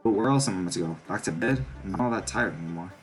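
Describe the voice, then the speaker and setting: A man's voice: sits low, lively intonation, very fast, faint music behind. A man voicing a nervous young hyena. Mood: worried. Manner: nervous, earnest, questioning. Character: young male hyena, anxious, just out of school.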